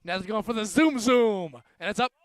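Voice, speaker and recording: Young male rugby caller, high smooth voice, jokey, builds excitement on big plays, dry close sound. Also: moderate pace, no echo. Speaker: student play-by-play commentator. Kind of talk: amateur sports commentary.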